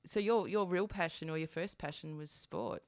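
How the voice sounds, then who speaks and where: A woman's voice: deep voice, normal speed, dry recording. A woman hosting a radio interview in a studio, asking short questions and giving brief prompts. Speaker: host.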